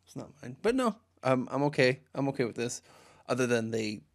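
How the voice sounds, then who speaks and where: Gravelly-voiced man, easygoing. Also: mid-range voice, sing-song, brisk. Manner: easygoing, agreeable, trails off mid-thought. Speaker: podcast co-host. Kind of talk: casual hockey chat.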